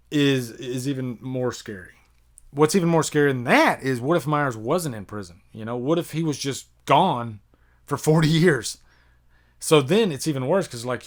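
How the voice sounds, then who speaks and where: An American man in his thirties hosts a live-stream Q&A, thinking aloud with plenty of ums and asides. His voice sits at an ordinary middle pitch and he talks into a desktop microphone. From United States. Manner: rambling and chatty, many fillers, reads out viewer questions. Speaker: YouTube horror movie reviewer, live stream host. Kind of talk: casual live-stream Q&A chat.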